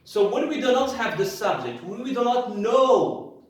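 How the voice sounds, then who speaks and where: A man teaching an English grammar lesson, explaining slowly and repeating key phrases for emphasis. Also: very high-pitched, expressive, very echoey.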